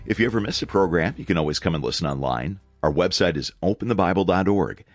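Deep husky male radio host. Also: expressive, quick pace, soft background music. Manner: friendly, conversational announcer. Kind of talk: radio broadcast announcement.

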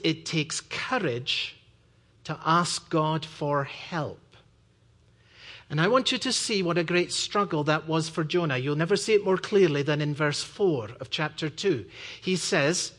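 Male preacher, bright high voice, earnest sermon, hushed drops and urgent climbs. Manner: earnest, swinging from quiet low drops to raised urgent peaks.

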